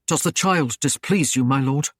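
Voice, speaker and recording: A man's voice: medium pitch, normal speed, dry recording, studio quality, lightly acted. A man voicing an anxious, loyal young Saxon servant who speaks carefully and earnestly.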